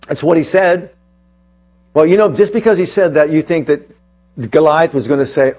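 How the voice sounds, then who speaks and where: A man's voice: fairly high pitch, moderate pace, pauses often, a little mellow. A man preaching a sermon to his congregation, quoting scripture and asking emphatic rhetorical questions.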